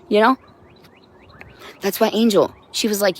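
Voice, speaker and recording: A woman's voice: mid-range voice, fairly even intonation, a little slow, pauses often. A woman on a livestream in an agitated, profane, rambling monologue, now and then talking to her cat.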